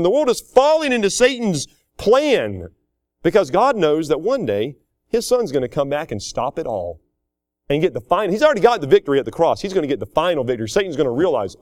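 A middle-aged man preaching a sermon in a folksy, animated way, chuckling often and acting out quotes. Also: high voice, no room sound, studio quality. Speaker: pastor.

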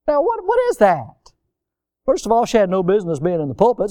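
A man's voice: sits high, very animated, fairly quick, darkish tone, dry recording, clean studio sound. A man pastor delivering a sermon in a folksy, emphatic way, drawing out stressed words.

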